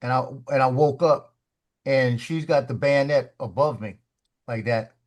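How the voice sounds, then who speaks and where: A man with a mid-range voice, speaking a little slowly, relates an anecdote in an informal studio chat. He restarts and repeats words as he goes, and he animatedly acts out the voices of the people in his tale.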